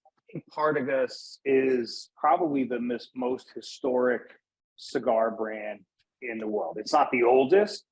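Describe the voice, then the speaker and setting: A man's voice: medium pitch, breathy edge, rough recording. A man from Northeast Pennsylvania, a guest in a casual interview, speaking in an easygoing way with "you know" fillers. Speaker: guest, cigar brand manager.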